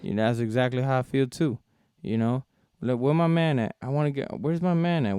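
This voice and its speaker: A man's voice: mid-range voice, brisk, dark tone, smooth, dry recording, clean studio sound. A man hosting a solo sports podcast, ranting in a heated, profane way and repeating himself. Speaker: podcast host.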